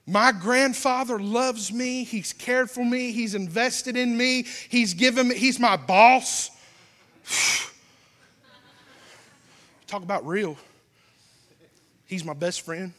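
A young man with a Southern American accent preaching a sermon with passion, going from shouts down to a hushed near-whisper. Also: high-pitched. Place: church. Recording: long church hall reverb.

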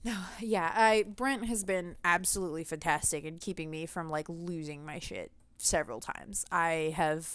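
A woman's voice: on the low side, normal speed, hardly any pauses, a bit bright, smooth, no echo. A young woman venting animatedly in a casual vlog rant, laughing often. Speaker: gaming vlogger.

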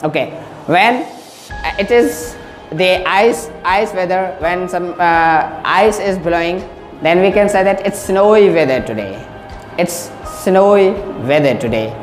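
Speaking slowly in a lowish voice, a woman leads a beginner English class, repeating each word twice for pronunciation drills and frequently checking in. The room sounds roomy with a long reverb tail, and soft music plays behind her.

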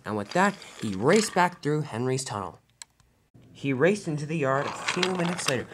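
An amateur storyteller narrating a toy-train story in a plain, hurried way, with slips and restarts. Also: mid-range voice, expressive, a little hiss or hum.

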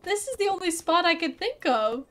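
A gaming streamer doing let's play commentary, this woman has a very high-pitched, very animated, fairly bright voice at a moderate pace. She chats playfully with viewers while she plays, bubbly and casual, with some swearing.

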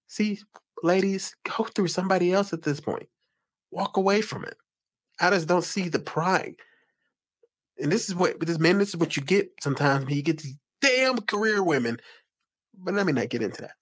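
A man with a fairly high voice gives live reaction commentary as a streamer. He talks bluntly and swears freely, speaking straight to the people watching. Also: expressive, moderate pace, breathy edge. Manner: blunt and profane, addresses the audience directly. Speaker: streamer reacting to text messages.

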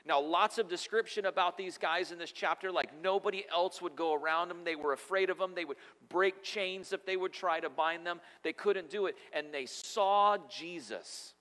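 A man preaching a sermon as pastor, telling scripture stories with lively acted-out voices. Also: high-pitched, normal speed, few pauses, in a large hall. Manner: animated storytelling, acting out voices in scripture scenes. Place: church sanctuary.

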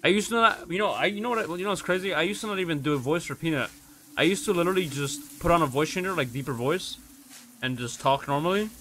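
Man, a bit high-pitched, live game streamer, profane and fed up, shouting for his teammate. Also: quick pace, slight background noise. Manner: profane, exasperated, keeps calling out to a teammate. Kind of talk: live gameplay commentary.

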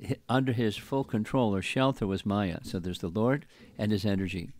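Older man reading scripture, slow and deliberate. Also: on the low side, darkish tone. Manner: slow, deliberate reading with chanted verse recitation. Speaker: spiritual teacher giving a scripture class. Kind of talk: scripture class, reading and commenting.

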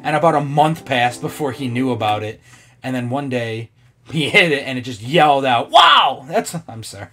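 A man's voice: mid-range voice, brisk, a bit bright, faint music behind. A man giving casual gameplay commentary, rambling off topic, swearing now and then and laughing often. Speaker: let's play gamer.

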